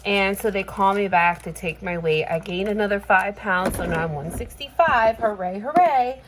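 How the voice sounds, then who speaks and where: A woman's voice: mid-range voice, normal speed, a bit bright, a little hiss or hum, low-quality recording. A woman vlogging casually in her kitchen, venting with frustration and swearing freely. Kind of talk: casual chat. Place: home kitchen.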